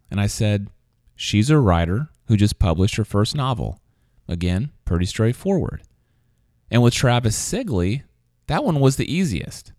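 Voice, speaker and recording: A man hosting a podcast, reading a scripted introduction and then chatting with a guest in a relaxed, conversational way. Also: fairly low pitch, no echo, clean studio sound. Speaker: podcast host. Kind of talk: scripted narration and casual interview.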